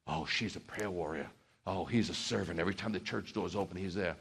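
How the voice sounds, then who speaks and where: A middle-aged man preaching as a pastor in a church, heartfelt and rambling at first, then building to fervent exhortation. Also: sits low. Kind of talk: sermon.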